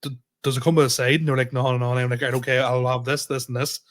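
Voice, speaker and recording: A man's voice: mid-range voice, little pitch movement, rapid-fire. A man, a comedian co-hosting a podcast, telling a story in casual chat and acting out both sides of the dialogue, with plenty of swearing.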